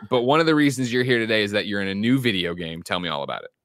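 Male podcast host, bright and crisp, dry sound, brisk and joking. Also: on the low side, lively intonation, no room sound. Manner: joking, fast and upbeat. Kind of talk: casual podcast chat and show intro.

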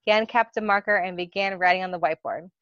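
A woman's voice: fairly low pitch, steady tone, fast talker, no room sound. A woman podcast host reading fan fiction aloud, giggling and laughing often as she goes. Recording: dull dry lo-fi recording.

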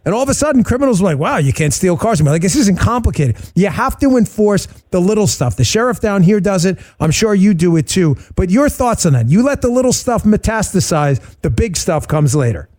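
A man's voice: high voice, very animated, a little fast, hardly any pauses, a little mellow. A man hosting a talk radio interview, talking emphatically with a sarcastic edge. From New York. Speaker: host.

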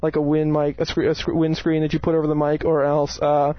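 A man's voice: on the high side, completely flat delivery, brisk, no room sound, lo-fi sound. A man co-hosting a casual podcast from a small room at home, joking and giggling, sometimes reading items in a put-on announcer voice. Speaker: podcast co-host. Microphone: home mic with pillowcase tied over mouth.

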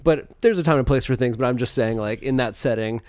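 A man's voice: medium pitch, brisk, a little mellow, no echo. A man co-hosting a podcast in casual chat, teasing and easygoing, often saying dude. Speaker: podcast co-host.

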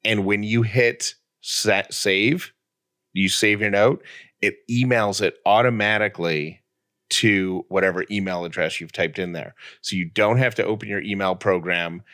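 Bright-voiced, dry-joking male co-host. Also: on the low side, fairly even intonation, unhurried. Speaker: podcast co-host. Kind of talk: casual chat.

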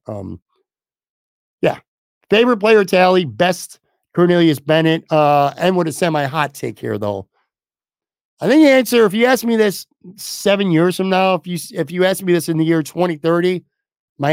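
A man hosting a sports podcast in blunt, rambling casual talk, hoarse from losing his voice. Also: a little high, no echo, clean studio sound. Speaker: podcast host.

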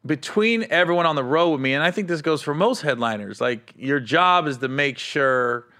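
A bright, forceful male comedian swapping tour stories in a loose, casual chat. His voice sits a touch high for a man, and he breaks into laughter and quick impressions of the people he describes. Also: expressive. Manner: laughs often, acts out voices of others. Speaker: touring stand-up comedian.

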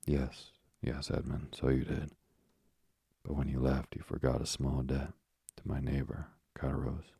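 A frail old father speaks gently and wearily in a storybook reading, as a male narrator puts him on. The voice is very low, gravelly and breathy, with little rise and fall, and sounds dry and close. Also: level tone, a little slow, dry recording, full character voice. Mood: gentle, weary.

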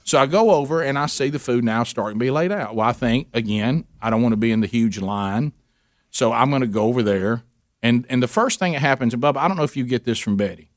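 Speaking at a quick pace in a medium pitch, this middle-aged man co-hosts a radio show. The recording is dry and studio quality, and he animatedly voices the characters in a long, casually told story.

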